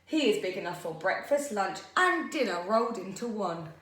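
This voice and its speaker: A woman's voice: medium pitch, expressive, moderate pace, a bit bright, natural voice. A middle-sized billy goat speaks up boldly and insistently, as a woman puts him on. It is a storybook character. A roomy echo surrounds the voice.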